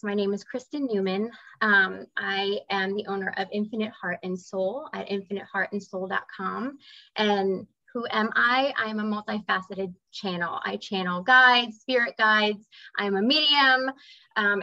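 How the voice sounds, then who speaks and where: A woman hosting a live spiritual session, chatting effusively and then gently guiding a breathing meditation. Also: a little high, dull audio. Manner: effusive, warm-hearted chatter with soft guided breathing cues. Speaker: spiritual teacher and medium hosting a live event. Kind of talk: casual live talk and guided meditation.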